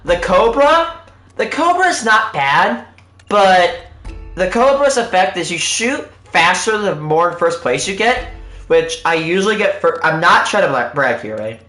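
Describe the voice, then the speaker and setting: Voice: mid-range voice, fairly bright tone, roomy sound. A live streamer chatting casually to viewers while opening loot, in a hyped game-show-host manner.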